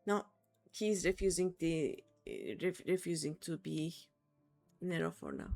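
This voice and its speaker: A woman's voice: fairly low pitch, measured pace, vocal fry, darkish tone, soft background music. A tired, yawning woman streaming a game from home, chatting in a rambling way with fillers. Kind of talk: casual game-stream commentary.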